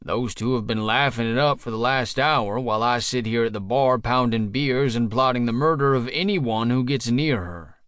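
Male audiobook narrator, mid pitch, brooding first-person read, dry studio. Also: normal speed, hardly any pauses, fairly bright tone, clear, resonant tone, no echo. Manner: brooding, irritable storytelling.

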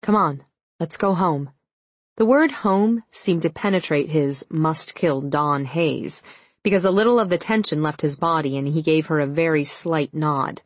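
Woman audiobook narrator; deep, even, measured, dry studio read. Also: no echo. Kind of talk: scripted narration.

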